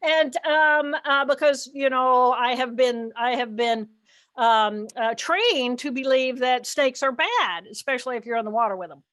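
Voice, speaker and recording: An older woman giving an animated, expressive teaching talk outdoors by the water, acting out inner voices as she explains. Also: sits high, a little slow. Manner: expressive, acts out inner voices with dramatic shifts. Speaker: guest speaker, neuroanatomist.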